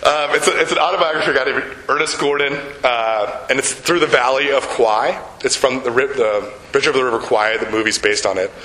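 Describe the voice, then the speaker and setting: Bright-voiced older man preaching in an echoey room. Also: medium pitch, a little hiss or hum. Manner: storytelling, slows down for emphasis, asks the audience questions. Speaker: pastor. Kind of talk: sermon.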